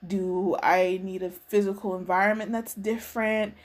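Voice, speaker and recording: On her faith podcast, this working adult woman reflects conversationally on what she needs, voicing her own prayers along the way. She speaks at a moderate pace in a medium pitch with fairly even intonation.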